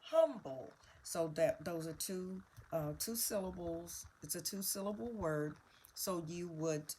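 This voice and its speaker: A woman teacher leads a spelling lesson in a low, unhurried voice. She patiently spells words out letter by letter and explains each answer. A faint hiss sits behind her. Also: darkish tone.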